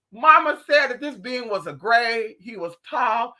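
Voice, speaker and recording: Bright sharp voice, swoops all over, profane gossipy streamer chatting to viewers. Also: medium pitch, unhurried. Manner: animated, profane, gossipy storytelling; talks straight to viewers. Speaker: livestream host. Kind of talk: casual livestream chat.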